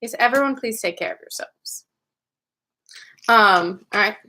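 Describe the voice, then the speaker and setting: A woman's voice: fairly high pitch, unhurried, sharp tone. A woman joking around and laughing with a friend while playing a party card game. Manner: playful, laughing, reads cards aloud. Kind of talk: casual game banter.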